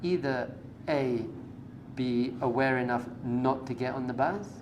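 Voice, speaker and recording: A rabbi teaching a class gives an informal spoken lecture to a live group, his mid-range man's voice unhurried, with background noise present. In a conversational tone, he coaches them directly using everyday analogies.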